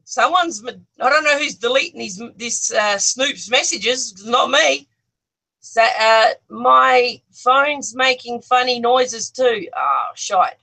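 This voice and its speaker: Australian accent, casual livestream chat, giggly and chatty, gravelly and bright, phone on a stick in a bedroom. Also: medium pitch, animated, slow, low-quality recording. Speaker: livestream co-host. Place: own bedroom. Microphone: phone on a selfie stick.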